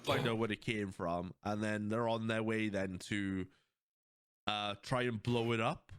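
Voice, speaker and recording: In a clean, echo-free studio recording, a male podcast host with a fairly low, clear and resonant voice talks a little slowly and fairly evenly. He recaps episodes in casual chat, animatedly retelling scenes, laughing often and acting out quoted lines.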